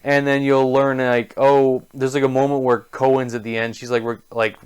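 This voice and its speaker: A man's voice: medium pitch, level tone, normal speed, smooth. A man giving a casual spoken book review, enthusiastic and gushing, with lots of filler words.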